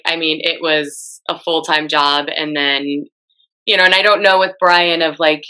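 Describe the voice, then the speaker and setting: A young woman speaks earnestly on a grief talk show she co-hosts. Her pitch sits very low, yet her tone comes through bright and forceful. She is blunt and vivid about hard days. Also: rough recording. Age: young adult. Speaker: co-host. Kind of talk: candid conversation about grief.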